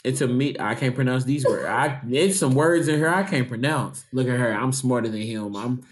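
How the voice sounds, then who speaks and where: A man's voice: mid-range voice, normal speed. A young man co-hosting a podcast, joking and swearing freely in casual chat. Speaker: podcast co-host.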